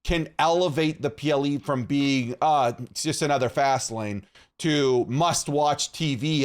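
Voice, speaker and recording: A man from Canada co-hosting a podcast, talking in an excitable, animated way and often saying "dude". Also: on the high side, unhurried. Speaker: podcast co-host. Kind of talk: casual chat.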